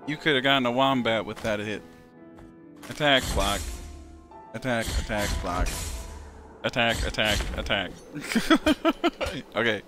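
Animated man venting over game music. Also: medium pitch, slow pace, pauses often. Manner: swears and vents frustration at the game; counts out his moves under his breath. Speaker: gaming streamer. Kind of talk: let's play commentary. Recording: game music playing behind.

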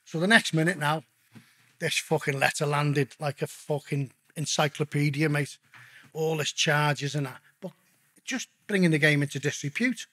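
A man's voice: a little high, moderate pace. A man, a guest, telling a story casually and animatedly, swearing heavily as he goes. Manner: heavy swearing, animated retelling.

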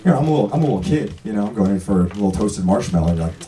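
A man's voice: fairly low pitch, lively intonation, very fast, few pauses. A young man hosting a comedy club, telling stand-up jokes in a casual, laughing way. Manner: laughing often, casual, says "dude" a lot. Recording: distant mic, loud crowd. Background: crowd.

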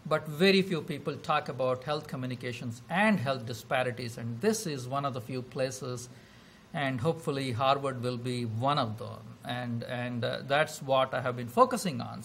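South Indian-accented male lecturer, gravelly tone, chatty and enthusiastic, slight noise behind. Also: mid-range voice. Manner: animated, many fillers like "you know", self-deprecating. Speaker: guest lecturer. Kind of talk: academic lecture opening. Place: lecture hall.

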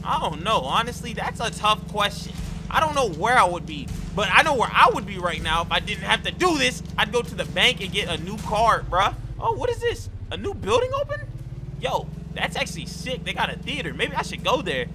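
A man giving excitable, slangy role-play game commentary who often breaks into shouts. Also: high-pitched, fairly quick, background noise. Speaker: gaming YouTuber.

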